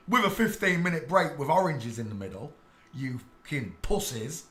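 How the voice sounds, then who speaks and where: English bloke ranting on his stream about god n money, swears a lot, bright sharp voice, kinda high, echoey room. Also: expressive, normal speed. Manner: irate, sweary, preachy, bursts into shouting. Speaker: live stream host. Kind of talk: solo live-stream rant to chat.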